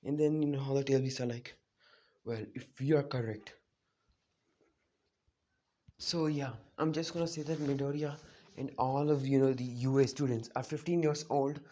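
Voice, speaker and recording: A man's voice: medium pitch, fairly even intonation, fairly quick, warm tone. A man casually telling a fan-fiction story in a rambling, self-correcting way.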